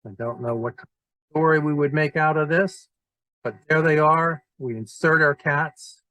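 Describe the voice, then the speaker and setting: A man walking teachers through presentation software in a screen-recorded tutorial, talking loosely and thinking aloud as he clicks. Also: on the high side, a little slow, no echo, poor audio. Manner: relaxed, thinking aloud with fillers and restarts. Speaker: teacher trainer.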